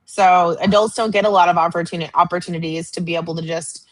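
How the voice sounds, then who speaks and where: A woman co-hosting a casual chat about teaching, thinking aloud quickly and using "like" often. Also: on the low side, fairly even intonation, rough recording. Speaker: podcast co-host, educator.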